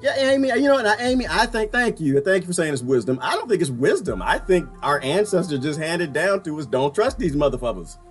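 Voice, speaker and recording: A man hosting a casual livestream, ranting in an animated way and laughing often as he reads viewer comments. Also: sits high, brisk, hardly any pauses, faint music behind. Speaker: livestream host.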